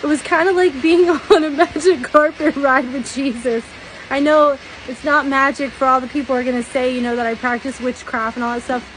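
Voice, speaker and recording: A woman's voice: sits high, fairly even intonation, fairly quick, a little hiss or hum, rough recording. A middle-aged woman telling a personal dream testimony in an earnest, tearful way, often laughing.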